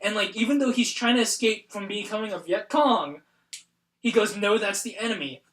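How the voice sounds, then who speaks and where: High-voiced young man retelling animatedly. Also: moderate pace. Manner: animated retelling, many fillers. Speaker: podcast host. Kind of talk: casual chat. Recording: roomy echo.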